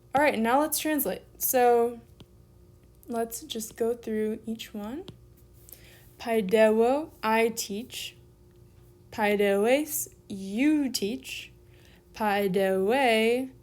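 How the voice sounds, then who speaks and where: Young female teacher, slightly high voice, slow and casual, talks through each step. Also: a little mellow. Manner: casual, explains step by step while sounding out words. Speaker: Greek teacher. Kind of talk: recorded online lesson.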